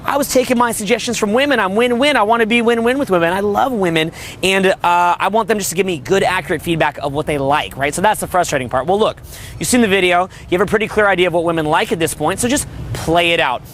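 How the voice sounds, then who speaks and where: Crude fast-talking guy coaching on dating, high voice, a bit of street noise behind. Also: a bit bright. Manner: brash, crude, riffing, mimics voices. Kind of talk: motivational monologue.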